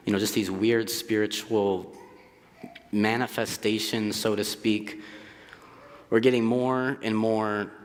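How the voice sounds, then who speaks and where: Young guy telling his testimony at church, slow and unsure, lots of ums, big echoey hall. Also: on the low side. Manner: hesitant, searching for words with many fillers. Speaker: church speaker giving testimony. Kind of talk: personal testimony.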